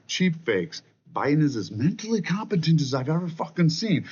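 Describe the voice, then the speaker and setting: Husky, profane man ranting at camera. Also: mid-range voice, animated, normal speed, few pauses, dull audio. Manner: profane, combative, repeats "okay?" often. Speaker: vlogger venting to camera. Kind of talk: angry political rant to camera. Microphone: camera mic.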